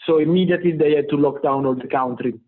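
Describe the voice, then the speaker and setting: A man with an Italian accent answers interview questions, his voice sitting a little high. He speaks haltingly and fills gaps with "uh". The sound is thin and tinny, like a phone call. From Italy. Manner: halting, many "uh" pauses. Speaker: company CEO guest. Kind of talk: remote interview. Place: home office in Milan.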